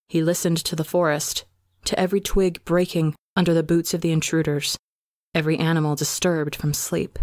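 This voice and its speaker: A woman narrating a fan story aloud for a podcast in a measured, dramatic storytelling manner. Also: low voice, no echo, clean studio sound. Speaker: podcast reader.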